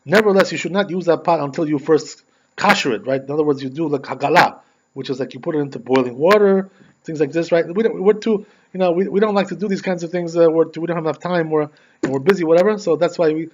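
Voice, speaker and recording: A male rabbi teaches in a quick, chatty way with a slightly raised pitch, and he often tags his points with questions. The recording sounds dull and lo-fi. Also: darkish tone. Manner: conversational, frequent "right?" tag questions. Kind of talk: religious law lesson with storytelling.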